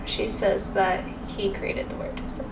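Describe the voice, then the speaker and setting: A woman giving casual reaction commentary in a matter-of-fact, reflective way. She speaks slowly. Her voice sounds distant from the mic, with clear background noise behind her. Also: medium pitch, little pitch movement. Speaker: reaction video host.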